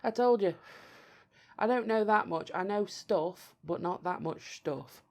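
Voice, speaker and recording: A woman's voice: mid-range voice, unhurried, gravelly, darkish tone. A woman, chatting playfully and teasing during a film commentary. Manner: playful, teasing, self-deprecating. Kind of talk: casual chat.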